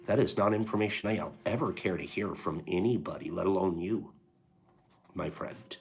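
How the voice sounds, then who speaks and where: A man's voice: sits low, normal speed, faint music behind. A man hosting a live stream in a casual chat, reading viewers' names and their answers aloud. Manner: reads chat names aloud, rattles off lists.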